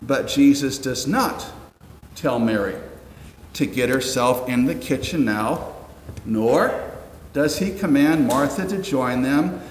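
A man's voice: mid-range voice, animated, slow pace, slight background noise. A pastor in his fifties preaching a conversational sermon, full of wry asides and rhetorical questions. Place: church sanctuary. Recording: roomy echoing hall, faint ambience.

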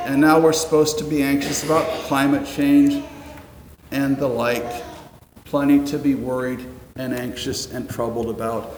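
A man's voice: medium pitch, little pitch movement, a little slow, a little mellow, a little hiss or hum. A pastor in his fifties preaching a conversational sermon, full of wry asides and rhetorical questions. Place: church sanctuary. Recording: roomy echoing hall, faint ambience.

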